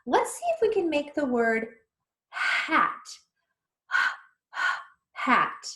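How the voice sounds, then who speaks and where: A woman's voice: sits high, very animated, a little fast. A woman teaching a recorded phonics lesson to young children, patiently sounding out each letter one at a time. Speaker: reading intervention teacher. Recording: echoey room.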